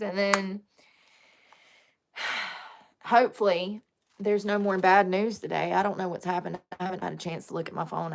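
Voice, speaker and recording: A woman's voice: lowish voice, slight background noise. A young woman chatting casually with viewers while doing her makeup, joking and confessional, laughing often. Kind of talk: casual live-stream chat.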